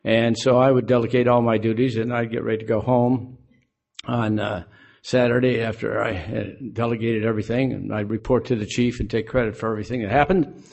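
An older man from Illinois tells a long story to a group in a folksy, self-mocking way. His voice sits in an ordinary middle pitch, and he slips into short acted exchanges with plenty of wry asides. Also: flat delivery, fairly quick, vocal fry, darkish tone. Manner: folksy, self-mocking, acts out both sides of dialogues. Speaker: recovery meeting speaker.

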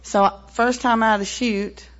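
A woman in her forties with a Southern American accent, frankly telling her personal story at a recovery meeting, with pauses and wry asides. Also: fairly high pitch, steady tone, a bit bright. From American South, Tennessee-Mississippi line. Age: 40s. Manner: frank, plainspoken, with fillers and wry laughs. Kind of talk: personal testimony. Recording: dull lo-fi recording.

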